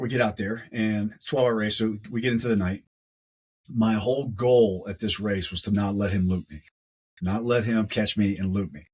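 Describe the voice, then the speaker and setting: A man, a guest on a podcast, telling a story in a casual, animated way and often repeating his words. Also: lowish voice, husky, rough recording.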